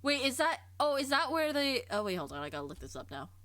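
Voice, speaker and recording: A woman streamer chatting casually on a livestream, curious and quick to laugh, often stumbling and repeating herself as she thinks aloud. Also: high voice, very animated, bright, forceful tone, no echo. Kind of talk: casual livestream chat, reading and answering chat.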